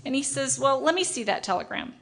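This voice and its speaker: A middle-aged woman speaking at a recovery meeting, telling her story in an animated, self-mocking way and acting out the dialogue. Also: sits high, quick pace, creaky. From United States. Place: meeting hall with a live audience.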